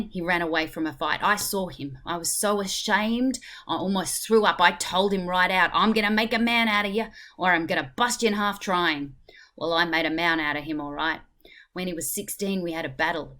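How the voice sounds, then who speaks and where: A woman's voice: on the low side, fairly quick, natural voice. A woman reading aloud as an angry, bitter middle-aged male juror who rants with indignation. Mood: indignant. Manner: indignant ranting, rising loud.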